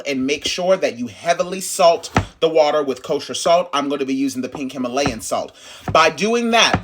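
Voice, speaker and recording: A young man hosting a casual cooking lesson, talking straight to his viewers in a lively, emphatic way. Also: on the high side, noisy background. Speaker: cooking channel host.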